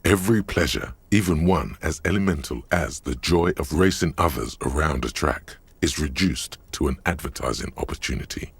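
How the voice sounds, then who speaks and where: An actor voicing a wry male game narrator, telling the story in the second person with a measured, sardonic delivery. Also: rumbling low, expressive, gravelly, breathy edge, dry recording, exaggerated voice. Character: deep-voiced male narrator, dry and wry. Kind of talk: scripted voiced narration.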